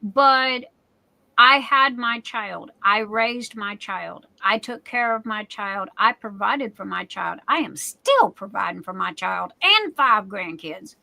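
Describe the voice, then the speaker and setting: A woman's voice: mid-range voice, animated, slow pace, gravelly, pushed and bright, no room sound, low-quality recording. A middle-aged woman hosting a livestream, telling a personal story in a candid, emotional way. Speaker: livestream host. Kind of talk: casual chat.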